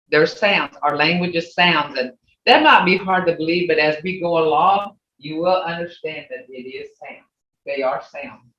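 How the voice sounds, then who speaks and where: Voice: medium pitch, fairly bright tone. A language teacher leading an online class, explaining patiently and repeating key points. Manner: slow, repetitive, patient explaining. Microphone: video call. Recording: echoey, distant, muffled video call.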